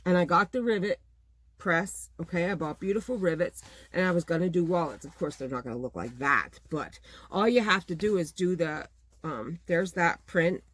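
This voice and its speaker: A woman's voice: lowish voice, normal speed. A middle-aged woman chatting casually to her viewers, venting in an exasperated, talkative way about running her small business. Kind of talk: casual chat to camera.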